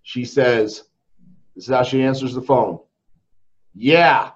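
A man's voice: mid-range voice, moderate pace, a little mellow, dull audio. A man, a company CEO, telling a story in casual podcast chat, candidly, and often tagging his sentences with "right?". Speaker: company CEO and home buyer.

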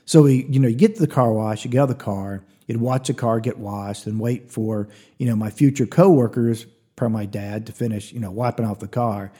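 A man's voice: mid-range voice, fairly quick, hardly any pauses, mellow, slightly rough. A man hosting a podcast, telling a comic story in a chatty way, with confiding asides to the listener. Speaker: podcast host.

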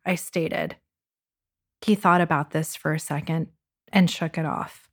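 A woman hosting a podcast, narrating a personal dating story with intimate hushed passages and wry, sarcastic asides. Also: low-pitched, steady tone, measured pace. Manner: intimate, dropping to a hushed whisper for racy moments. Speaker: podcast host.

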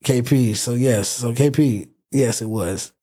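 Husky young man telling a wild story. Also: mid-range voice, a little slow. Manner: animated storyteller, acts out quotes. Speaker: podcast host. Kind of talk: casual storytelling.

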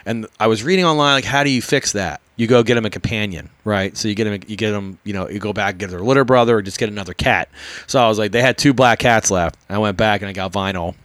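A man's voice: on the low side, quick pace, fairly bright tone, dry recording. A man hosting a casual podcast, telling stories in a laid-back way with lots of fillers and laughs. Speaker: podcast host.

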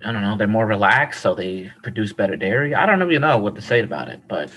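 Irish man, comedy chat co-host, excitable, slangy, bright edge, husky voice. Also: fairly low pitch, fast talker, rough recording. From Ireland. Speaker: podcast co-host.

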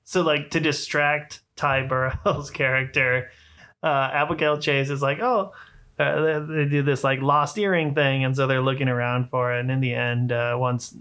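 A man's voice: mid-range voice, steady tone, moderate pace, pushed and bright. A man co-hosting a casual movie podcast, retelling scenes with laughter and casual swearing. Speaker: podcast co-host.

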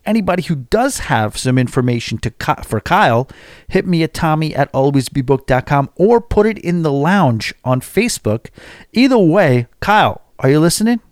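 A man's voice: fairly high pitch, very animated, normal speed, dry recording, studio quality. A man hosting a podcast, chatting casually and reading listener emails aloud in a self-deprecating, rambling way. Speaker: podcast host.

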